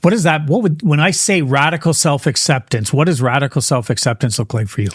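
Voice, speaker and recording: A man's voice: a little high, brisk, slightly rough, no room sound, studio quality. A man co-hosting a podcast, encouraging, with short affirmations as his guest talks. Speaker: podcast co-host. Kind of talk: casual interview chat.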